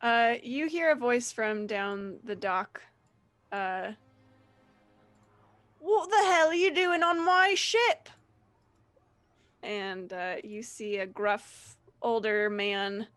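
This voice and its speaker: A woman running a tabletop game as game master, narrating with halting fillers. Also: mid-range voice, a bit bright, no room sound.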